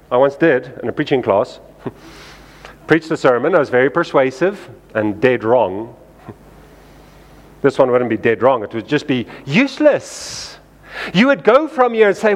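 A man's voice: on the high side, expressive, normal speed, big-room sound. A male pastor preaching a sermon in a conversational way, often acting out what people say in lifted voices.

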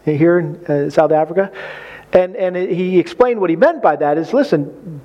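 A man's voice: a little high, moderate pace, warm tone, highs cut off. A man preaching on marriage in a folksy, conversational way, acting out quotes with humor. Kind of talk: sermon.

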